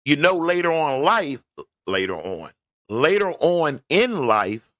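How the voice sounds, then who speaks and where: A man vlogging in a garage offers casual, rambling commentary to viewers while heading to work. His fairly high voice moves slowly with big pitch swings and a slightly bright tone. The studio-quality recording is dry.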